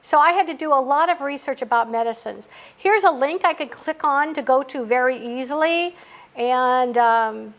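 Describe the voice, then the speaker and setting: A woman's voice: high-pitched, moderate pace, fairly bright tone. A middle-aged woman giving a casual writing workshop in a library meeting room, chatty and full of anecdotes that she laughs at herself. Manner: chatty, anecdotal, laughs at her own stories.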